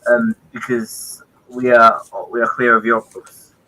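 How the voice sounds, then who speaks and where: A man sits in as a guest on a football chat stream, his voice bright and sharp. He speaks haltingly, filling gaps with ums and throwing in jokes. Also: medium pitch, completely flat delivery, rough recording. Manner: hesitant, joking, many ums. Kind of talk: casual football chat on a call.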